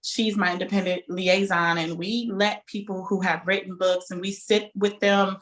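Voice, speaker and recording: Animated woman bookstore owner. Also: medium pitch, normal speed. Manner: animated, heartfelt storytelling. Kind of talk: casual interview talk.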